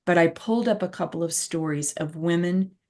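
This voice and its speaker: Her voice lowish and darkish, this patient advocate and host speaks briskly as she shares a personal story. She's earnest and reflective in conversation, using emphatic repetition.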